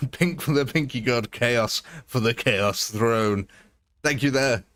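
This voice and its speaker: A man's voice: mid-range voice, slow, a bit bright. A man hosting a live game stream in a casual, chatty, jokey way, laughing often.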